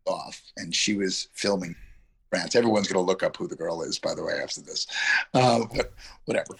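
Middle-aged male actor from Yonkers, gravelly and husky, rambling and reflective interview guest. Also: low-pitched, fairly quick. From Yonkers, New York. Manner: rambling, reflective, heavy on fillers. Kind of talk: casual interview storytelling.

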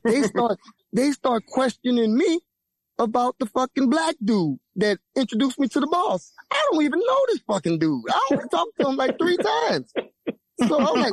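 A young man from Louisiana with a Louisiana accent, telling a profane, lively story as a podcast guest and acting out the voices of the people in it. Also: normal speed, vocal fry, husky, no echo. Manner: lively, profane, acts out quoted voices with big pitch jumps. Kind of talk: animated storytelling.

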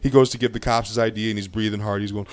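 A man's voice: on the low side, very fast, crowd noise. A man telling a comic anecdote about a friend in casual chat, imitating his noises. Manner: lively, imitates people's noises. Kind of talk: casual storytelling.

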